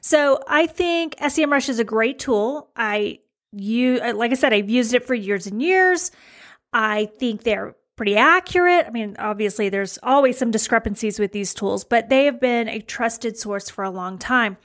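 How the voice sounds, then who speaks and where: A woman's voice: fairly high pitch, lively intonation, normal speed. A woman talking casually to her blog audience as their coach, chatty with fillers and emphatic repeats. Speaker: blogging coach. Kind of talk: casual video talk to followers.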